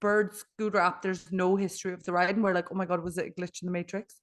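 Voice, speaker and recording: A young woman, co-hosting a podcast and telling a story in an animated way, often laughing. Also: on the low side, quick pace. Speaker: podcast co-host. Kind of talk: casual chat.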